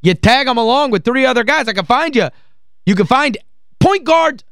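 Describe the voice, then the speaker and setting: High-voiced ranting sports radio man. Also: expressive, moderate pace, gravelly, a bit bright, no room sound, clean studio sound. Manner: heated, exasperated, emphatic ranting; repeats phrases for emphasis. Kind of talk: call-in sports talk rant. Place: radio studio.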